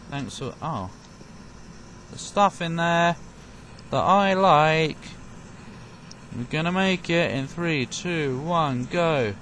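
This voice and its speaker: A young man doing let's play commentary, sarcastic, talking to enemies and swearing and yelping when hit. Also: fairly low pitch. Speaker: gaming commentator. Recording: noisy game background.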